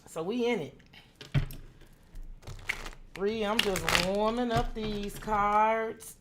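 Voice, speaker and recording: A woman tarot reader chatting casually on a live stream, greeting viewers by name and slipping into soft asides. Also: medium pitch, fairly even intonation, drawn-out words, very noisy. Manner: drops into soft asides while fiddling with setup.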